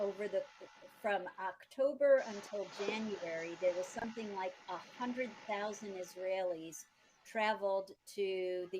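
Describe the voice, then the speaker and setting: A woman's voice: mid-range voice, slight background noise, poor audio. An American woman, a former diplomat, answering interview questions in an earnest storytelling way, stressing key words. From United States.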